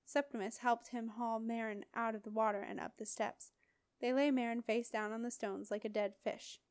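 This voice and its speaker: A woman narrating an audiobook chapter in a steady, expressive storytelling voice. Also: fairly high pitch, normal speed, clean tone, no echo. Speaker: audiobook reader. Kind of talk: scripted narration.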